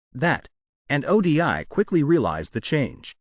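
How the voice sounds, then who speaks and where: Lively man narrating a comic recap. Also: mid-range voice, unhurried, no room sound, studio quality. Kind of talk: scripted story narration.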